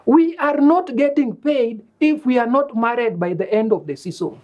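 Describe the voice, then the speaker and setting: A man's voice: very high voice, moderate pace, highs cut off. An actor playing a boastful young man who bosses his friends around in a comedy series. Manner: bossy, teasing. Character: boastful young man scheming a fake reality-show life. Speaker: student. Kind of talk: comedy web series acting.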